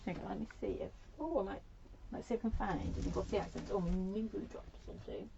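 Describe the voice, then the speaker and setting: A woman's voice: medium pitch, fast, vocal fry. A chatty woman from Britain, rambling cheerfully while she demonstrates a journal craft project on a live stream. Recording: dull lo-fi livestream audio with faint noise.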